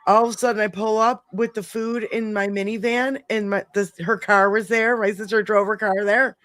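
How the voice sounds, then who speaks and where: A middle-aged woman hosting a podcast, telling a long story in a casual, animated way, swearing freely and rambling. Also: medium pitch, normal speed, no room sound, studio quality. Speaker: podcast host.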